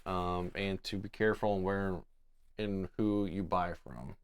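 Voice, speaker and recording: A man co-hosting a podcast, asking questions in a halting, hesitant way. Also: low-pitched, fairly even intonation, clean tone. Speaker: podcast co-host. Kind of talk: casual chat.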